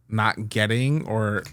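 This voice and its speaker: A man hosting a podcast, asking questions in a casual, halting way with many restarts. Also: on the low side, fairly bright tone. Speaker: podcast host. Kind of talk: casual interview conversation.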